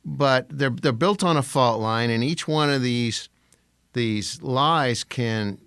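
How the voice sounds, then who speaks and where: An older man, a voice actor, co-hosting a podcast in slow, deliberate, wry casual chat. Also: mid-range voice, fairly bright tone, smooth, dry recording, studio quality.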